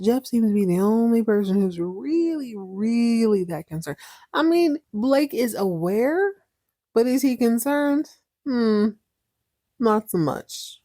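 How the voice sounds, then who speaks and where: A woman's voice: mid-range voice, dark tone, no echo, clean studio sound. A woman in her thirties hosting a podcast, recapping a soap opera casually with playful, sarcastic asides. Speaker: podcast host.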